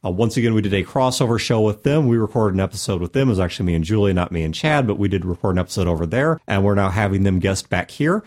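A man's voice: on the low side, quick pace, few pauses. A man hosting a casual podcast, joking and laughing easily with his guests. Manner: jokey, animated, laughs often. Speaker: podcast host.

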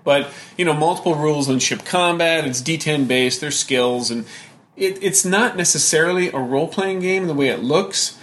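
A man's voice: fairly high pitch, normal speed, fairly bright tone. Guy on a podcast rambling about old games, lots of uh's and restarts. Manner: rambling, with many fillers and restarts. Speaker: podcast co-host. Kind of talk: casual chat about games.

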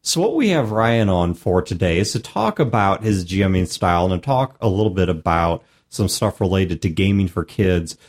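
Low-voiced man hosting a podcast. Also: expressive, normal speed, hardly any pauses. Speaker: podcast host. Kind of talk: casual podcast chat.

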